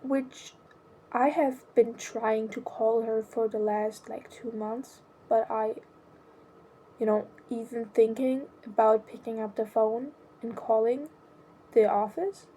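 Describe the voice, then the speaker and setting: A young adult woman talking about her own life in a hesitant, halting way, often restarting her sentences. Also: on the high side, fairly even intonation, warm tone, breathy edge. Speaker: vlogger. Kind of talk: personal confessional monologue.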